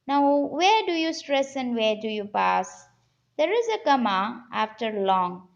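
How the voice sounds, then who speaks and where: A woman teaching an English lesson to children, speaking deliberately and reading a story aloud. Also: fairly high pitch, big pitch swings, lo-fi sound. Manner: slow, deliberate, addressing children.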